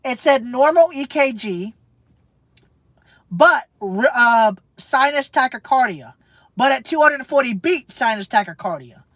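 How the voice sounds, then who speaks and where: A man's voice: extremely high pitch, expressive, a little slow, a bit bright, dry recording, dull audio. A man talking in a personal vlog monologue, rambling and repeating himself. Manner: rambling and repetitive.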